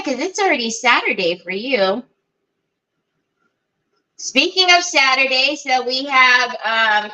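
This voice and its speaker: A woman's voice: high-pitched, sharp tone, highs cut off. A middle-aged woman hosting a live crafting stream, chatty, greeting viewers by name with many fillers. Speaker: crafting livestream host.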